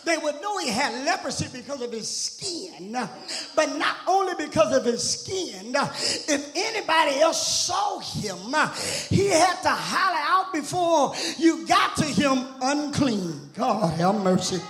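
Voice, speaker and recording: A woman's voice: high-pitched, very animated, measured pace, a bit bright. A woman preacher delivering an impassioned sermon, hollering out lines and crying out to God between phrases. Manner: impassioned, hollering, exclaims "God have mercy" repeatedly. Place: church sanctuary. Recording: roomy church with faint music.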